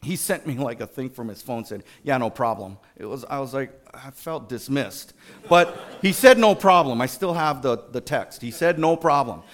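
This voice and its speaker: A man telling a story to a church group, his pitch swinging widely as he talks. He speaks informally and animatedly, often restarting his sentences and filling pauses. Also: animated, a bit bright. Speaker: school district staff sharing a testimony at church.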